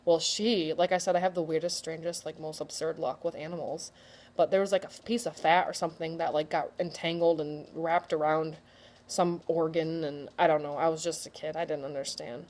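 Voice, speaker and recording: A woman's voice: sits low, fairly even intonation, fairly quick, darkish tone. Rambling, chatty young woman. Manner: chatty and rambling, full of likes and ums, laughs often. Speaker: artist telling a personal story. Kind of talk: personal storytelling talk.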